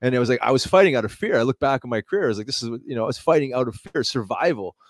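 A man hosting a podcast, a former hockey player, speaking earnestly and a little haltingly about facing fear. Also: mid-range voice, animated. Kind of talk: casual chat, reflective.

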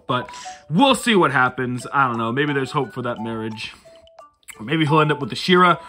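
A man's voice: fairly high pitch, pushed and bright. A young man giving goofy, rambling commentary while playing a life sim game on his own channel. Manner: goofy, rambling, self-mocking. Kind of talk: casual gameplay commentary.

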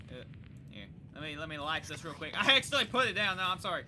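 A young woman gaming YouTuber giving excitable, chatty let's play commentary. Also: lowish voice, fast, slight background noise. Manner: excitable, chatty, reacts out loud.

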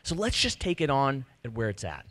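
Animated man telling a personal story. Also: medium pitch, fairly quick, no room sound. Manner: animated, self-deprecating, acts out quoted exchanges. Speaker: speaker giving a personal talk. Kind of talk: personal storytelling talk to a live audience. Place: stage before an audience.

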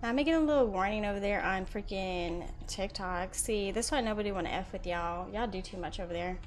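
A young woman streaming a horror game, chatting with her viewers and reacting loudly. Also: medium pitch, a little fast, a little hiss or hum. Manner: chatty, loud reactions, talks to chat. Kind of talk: live horror game commentary.

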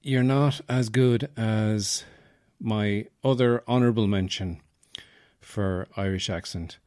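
A man's voice: on the low side, slow pace, a little mellow, dry recording, studio quality. A man hosting a podcast in rambling, jokey casual chat. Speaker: podcast host.

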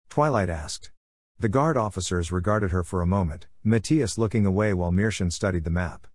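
A man narrating a fan-fiction story aloud in a steady, even storytelling delivery. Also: low-pitched, a little fast, dry recording, clean studio sound. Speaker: audiobook narrator.

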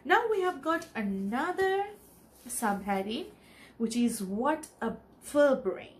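A woman teacher from the Maldives reading a storybook aloud for a children's TV lesson, pausing to explain the text. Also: on the high side. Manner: expressive, explains as she reads.

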